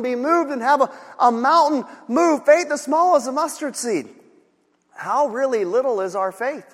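A man's voice: very high-pitched, in a large hall. A male pastor preaching a sermon, earnest, repeating key phrases for emphasis.

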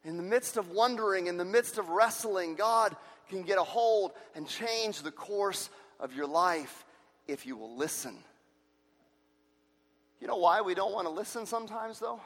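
A man preaching a sermon with passion, swinging between loud shouts and hushed, quiet lines. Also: high-pitched, expressive, measured pace, long pauses. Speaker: pastor. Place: church sanctuary. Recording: long reverb of a large hall.

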